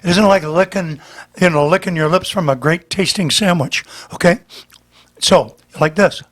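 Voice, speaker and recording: A man's voice: sits high, normal speed, fairly bright tone. A man with a slightly damaged voice, patiently explaining and demonstrating in a voice lesson. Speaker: vocal coach.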